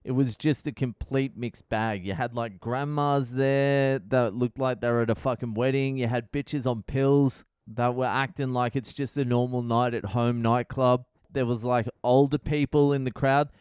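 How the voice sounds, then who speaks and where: A man's voice: mid-range voice, fairly even intonation, normal speed, few pauses, darkish tone, clean tone, no room sound, studio quality. A middle-aged man telling a comic story on his podcast, sweary, exasperated and mocking. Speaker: comedian podcast host. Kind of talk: casual comedic storytelling monologue.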